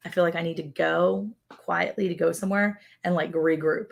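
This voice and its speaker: A woman's voice: fairly low pitch, steady tone, normal speed, vocal fry, lo-fi sound. A woman co-hosting a ranch livestream, chatting casually, laughing often and yawning. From Texas. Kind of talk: casual live-stream chat.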